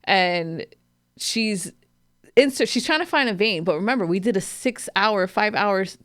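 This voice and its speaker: A woman in her thirties hosting a podcast, telling a personal story in a candid, animated way, swearing freely and acting out what others said. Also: mid-range voice, measured pace, no room sound, clean studio sound. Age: 30s. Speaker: podcast host. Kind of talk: casual storytelling chat.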